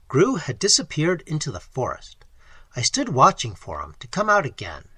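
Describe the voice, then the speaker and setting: An audiobook reader narrating a story with animated delivery, acting out the dialogue and dropping into whispers at times. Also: mid-range voice, moderate pace, husky, dry recording. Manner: animated, acts out dialogue with sudden drops to a whisper. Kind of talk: scripted narration.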